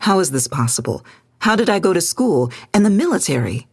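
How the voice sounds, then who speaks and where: A panicked young man, voiced by a woman narrator, fires off urgent questions. The voice sounds low and husky. It is a storybook reading. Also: sing-song, a little fast, darkish tone, dry recording, heavily acted. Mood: alarmed.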